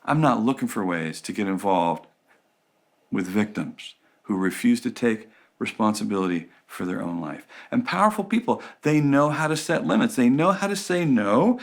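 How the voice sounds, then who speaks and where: A man teaching a relationships course in an animated, expressive way, often dropping to quiet emphasis. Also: on the low side, normal speed. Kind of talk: teaching talk with acted examples.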